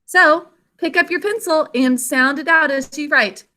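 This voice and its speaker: A woman's voice: high voice, unhurried, sharp tone. A woman teacher leading an online phonics lesson over a video call, patiently spelling words out sound by sound. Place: remote class on a video call.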